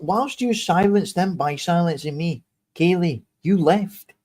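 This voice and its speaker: This young man's voice is high and darkish, paced in a measured way, as he hosts a livestream. He's furious, profane and confrontational, ranting at a commenter.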